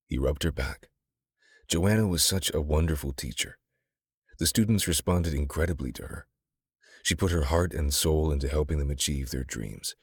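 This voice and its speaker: A man narrating a romance audiobook in a steady, intimate storytelling manner, recorded close on a studio mic. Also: rumbling low, moderate pace, breathy edge, dry recording. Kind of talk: scripted narration.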